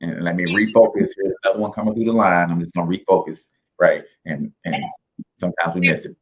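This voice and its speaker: A man's voice: low-pitched, steady tone, quick pace, husky, dull audio. A man with a St. Louis accent hosting a casual chat, teasing and joking with lots of fillers. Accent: St. Louis, Midwestern US. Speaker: host.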